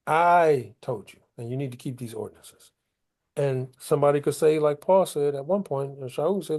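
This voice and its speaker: A man's voice: mid-range voice, a little fast, a little mellow, breathy edge. A man leading a Bible study, explaining scripture in loose, colloquial everyday talk. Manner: colloquial, paraphrases scripture in casual street talk. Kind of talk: conversational Bible study teaching.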